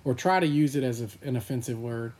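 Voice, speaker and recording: A man's voice: mid-range voice, fast, a little mellow. A young man from Louisiana's North Shore, chatting casually on a podcast in a laid-back, easygoing way. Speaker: podcast host.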